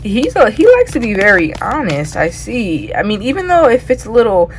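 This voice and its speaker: A woman's voice: medium pitch, very animated, moderate pace, a little hiss or hum, low-quality recording. A woman giving a casual tarot reading, talking loosely with lots of "like" and frequent laughs. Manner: chatty, loose, heavy use of "like", laughs often. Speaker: tarot reader.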